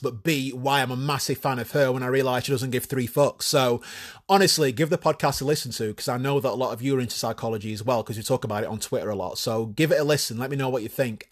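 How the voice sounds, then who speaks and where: A man hosting a solo podcast in a casual, crude way, swearing freely and mocking himself. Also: medium pitch. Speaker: podcast host.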